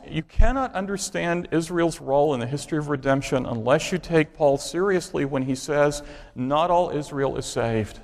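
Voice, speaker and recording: A man's voice: fairly high pitch, long reverb tail. A man preaching a sermon, driving his points home with pointed rhetorical questions. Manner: emphatic, asks the congregation rhetorical questions.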